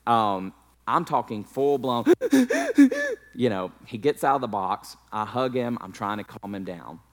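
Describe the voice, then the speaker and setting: A man's voice: lowish voice, normal speed, a bit bright. A man in his thirties, a pastor, telling a candid, self-deprecating personal story in a sermon.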